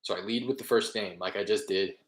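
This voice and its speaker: A man's voice: on the low side, fairly even intonation, brisk, echoey room. A young man in casual talk, explaining his real estate cold-calling method between live calls, rambling a little as he goes.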